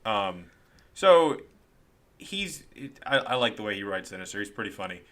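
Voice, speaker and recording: A man's voice: fairly low pitch, sing-song, moderate pace, a bit bright. A man co-hosting a casual comic podcast, laughing often as he retells scenes and acts out lines. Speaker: podcast co-host. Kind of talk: casual chat recapping comics.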